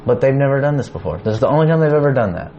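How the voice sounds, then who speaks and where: A man's voice: mid-range voice, animated, very fast, warm tone, dull audio, a little hiss or hum. A man co-hosting a casual podcast, laid-back and teasing. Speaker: podcast co-host. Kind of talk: casual chat.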